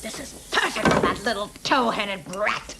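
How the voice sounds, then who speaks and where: An actress playing a vain, scheming eldest witch sister, shrill and commanding, in a film clip. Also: animated, normal speed, creaky, heavy background noise. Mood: gloating. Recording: film audio with score behind.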